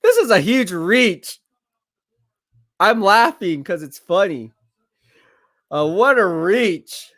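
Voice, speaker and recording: A man hosting a live stream, giving casual commentary, boastful and laughing often, with quick bursts of excitement. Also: high-pitched, no echo, clean studio sound.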